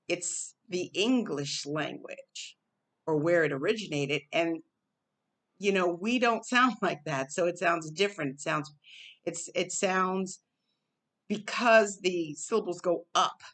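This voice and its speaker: A woman vlogger from the United States talks to camera in a loose, musing way, with fillers and the odd laugh. Her voice sits a little low and she takes her time. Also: a bit bright. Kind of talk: casual commentary to camera.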